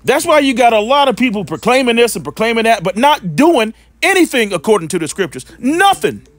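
A man's voice: very high voice, very animated, fast. A man preaching informally and reading scripture aloud, scornful and repetitive, often stumbling over his words. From Western North Carolina.

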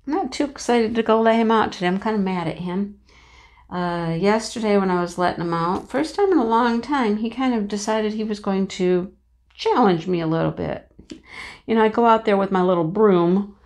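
A woman vlogging from her home office in a casual, chatty storytelling way, animated and acting out the voices in her story. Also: medium pitch. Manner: animated, acts out voices in anecdotes, laughs often. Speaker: crafting vlogger.

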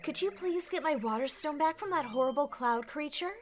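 A woman's voice: high voice, lively intonation, a little fast, soft background music, pitched above the performer's own voice. A woman voicing a dramatic, vain young female flower spirit, gushing and melodramatic as she reads game dialogue aloud. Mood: flattering.

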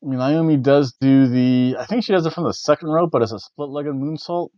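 A man's voice: mid-range voice, brisk, no room sound. Rambling man reviewing wrestling matches. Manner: rambling, self-correcting, chuckles often. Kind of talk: casual spoken event review. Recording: dry, slightly dull lo-fi audio.

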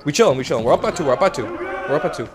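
A man's voice: on the high side, big pitch swings, rapid-fire, crowd noise. A young man giving casual commentary over his own gameplay, hyping up his players and trash-talking the other side, recorded at home with noise. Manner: hyped trash talk at the game. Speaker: gaming YouTuber.

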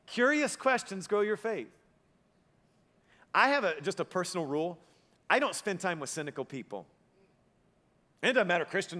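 Male pastor, higher voice, humorous conversational sermon; hall reverb. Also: bright, forceful tone. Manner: humorous, conversational preaching with audience asides. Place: church auditorium. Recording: long reverb of a church hall.

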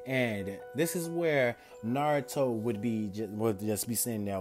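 A man's voice: medium pitch, a little slow, hardly any pauses, music in the background. A man casually narrating an improvised fan-fiction story, rambling and correcting himself as he goes.

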